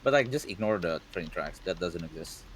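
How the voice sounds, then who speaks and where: A man's voice: deep voice, lively intonation, fairly quick, a bit bright, slight background noise. A man running a tabletop game online as game master, rambling with plenty of fillers.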